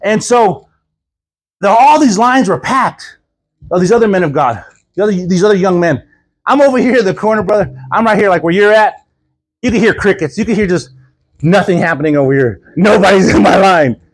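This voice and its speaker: A male preacher with a high, slightly husky voice tells a story from the pulpit. He acts out each character's lines with animated energy. He laughs often as he goes. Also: a little fast. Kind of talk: storytelling sermon.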